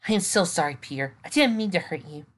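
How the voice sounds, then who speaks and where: A woman voicing Twilight, a frightened young woman who was a pony mage, asking shrill, panicky questions. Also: animated, fairly quick. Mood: apologetic.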